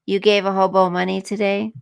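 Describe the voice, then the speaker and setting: A woman's voice: medium pitch, flat delivery, fairly quick, gravelly, clean tone. A woman hosting a live stream, chatting earnestly and emotionally with viewers and reading their comments.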